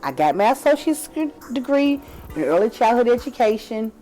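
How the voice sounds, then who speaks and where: An older woman, chatting with her granddaughter and telling family stories with animated, acted-out voices. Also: a little high, normal speed, faint music behind. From Kentucky. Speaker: grandmother of the host. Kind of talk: casual storytelling chat.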